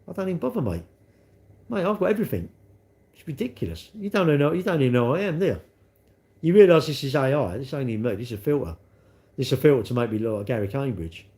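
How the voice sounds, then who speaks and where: Chatty bloke rambling. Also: male voice, on the low side, a little mellow. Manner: rambling, chatty, cheeky banter with lots of "mate". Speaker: livestream host. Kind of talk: casual chat answering live comments.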